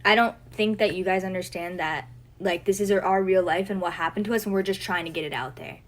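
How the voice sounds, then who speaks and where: A young woman on a livestream who speaks haltingly, frustrated and losing her train of thought. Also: lowish voice, poor audio. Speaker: livestream co-host. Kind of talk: emotional livestream talk.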